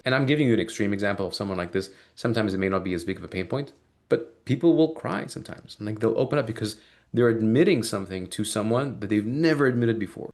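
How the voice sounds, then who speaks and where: A man with a fairly low voice teaches a sales team on a video call. He talks quickly and briskly. He keeps slipping into the lines of both client and closer. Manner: brisk, acts out both sides of sales calls. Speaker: sales coach. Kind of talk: live sales training call.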